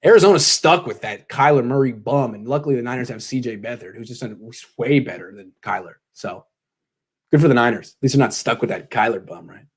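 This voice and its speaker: A man's voice: medium pitch, brisk, breathy edge. A young man hosting a postgame live stream, joking sarcastically and answering donations, his voice cracking when he gets worked up. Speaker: sports show host.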